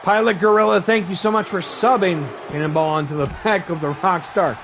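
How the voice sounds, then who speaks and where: A man's voice: sits high, steady tone, brisk, background noise. A man calling a wrestling match play-by-play, firing off moves in short bursts and thanking his stream's viewers between spots. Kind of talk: excitable play-by-play commentary.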